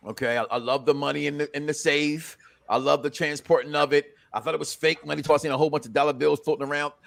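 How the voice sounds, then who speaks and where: A man's voice: a little high, steady tone, quick pace, vocal fry. A man hosting a casual reality-show review chat, joking and rambling, often restarting his sentences. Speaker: podcast host.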